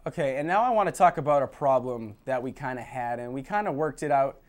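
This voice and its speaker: A man's voice: mid-range voice, expressive, fast. A man hosting a student TV sports show, reading scores and questioning his analyst in an upbeat anchor manner.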